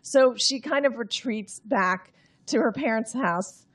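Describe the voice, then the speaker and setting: A woman's voice: on the high side, slow pace, a bit bright, breathy edge. A woman author reading her own novel aloud in a dry, understated way, then explaining the story.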